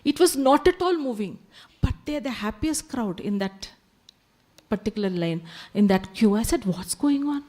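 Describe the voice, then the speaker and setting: Lady spiritual speaker, kinda high voice, chatty storytelling, slips into hindi bits. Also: expressive, moderate pace, darkish tone. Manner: chatty, mixes Hindi phrases into English. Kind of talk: storytelling talk.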